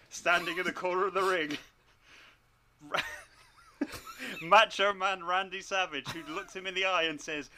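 A man in a casual podcast game telling an animated story. His voice is very bright and sits a little high. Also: unhurried, long pauses.

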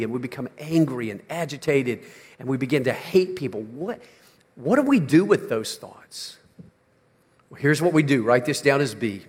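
An older man preaching a sermon, moving from quiet, low-key talk to loud, shouted emphasis. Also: lively intonation, normal speed, breathy edge, in a large hall. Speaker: pastor.

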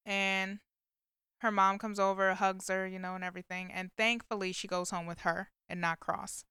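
A woman with a bright, forward voice talks casually, filling her retelling with likes and you-knows. Her tone is very smooth and clean, recorded close and dry with no room sound. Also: medium pitch, level tone, normal speed, no room sound. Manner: chatty storytelling with many fillers. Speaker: vlogger recapping a movie. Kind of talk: casual chat.

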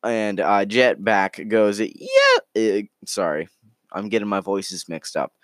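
Slow, rambling male podcast host. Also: lowish voice, fairly even intonation, dry recording, studio quality. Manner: rambling, joking, halting. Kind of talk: casual improvised storytelling.

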